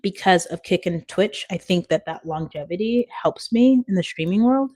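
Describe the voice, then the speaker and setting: Her voice is fairly low and darkish, with lively intonation and a moderate pace. She's in her thirties, from Washington State, and chats on a phone live stream at home, reading comments and laughing frequently.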